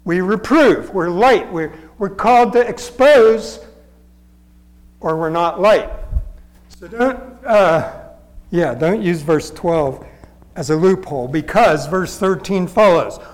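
A man with a high voice delivers a sermon in a church. He talks in a plain, conversational way, yet he hammers each point with insistent repetition. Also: animated, takes it slowly, rough recording. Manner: earnest, conversational teaching with emphatic repetition. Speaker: preacher.

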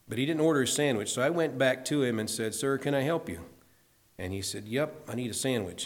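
A man preaching in an earnest, conversational way, telling a personal story and slowing down to stress a point. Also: lowish voice. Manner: earnest, conversational, slows for emphasis. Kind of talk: sermon storytelling.

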